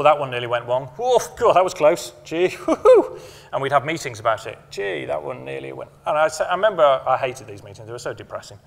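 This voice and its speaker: A middle-aged man giving a motivational conference talk, emphatic, repeating key phrases and slowing down to stress them. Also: mid-range voice, vocal fry. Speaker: conference speaker. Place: conference hall. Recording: long hall reverb from a conference room.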